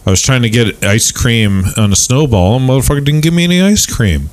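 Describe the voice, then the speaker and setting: A man's voice: mid-range voice, expressive, a little fast. A young man co-hosting a casual chat, laid-back and rambling, hedging his points.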